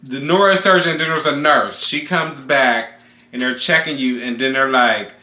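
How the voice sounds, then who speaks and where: Animated male vlog co-host, sharp bright tone, roomy echo. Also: medium pitch, normal speed. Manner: animated, loud yelps when reenacting. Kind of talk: casual storytime chat.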